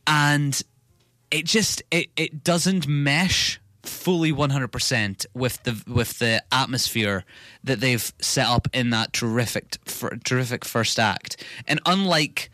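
Guy gushing about a movie, kinda rambly, bright punchy voice, dry close mic. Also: medium pitch, slow pace, no room sound. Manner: enthusiastic, rambling with restarts. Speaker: film podcast co-host. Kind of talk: casual film review chat.

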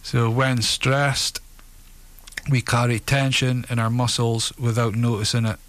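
A man in a middle register guides listeners through a relaxation session. His pace is unhurried and his instructions come calm and steady, one step at a time. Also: medium pitch.

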